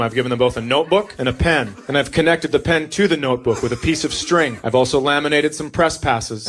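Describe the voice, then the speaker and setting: A man rattles through a mock-formal comedy skit with a slightly raised voice and a very quick delivery. He sounds exasperated, playing a parent fielding his children's questions. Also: on the high side, a bit bright.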